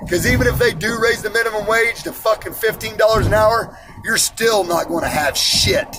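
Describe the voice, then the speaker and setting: A man's voice: high-pitched, moderate pace, music in the background, poor audio. A man in his forties who works in iron, ranting bluntly and profanely about money and personal responsibility. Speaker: iron worker ranting on camera.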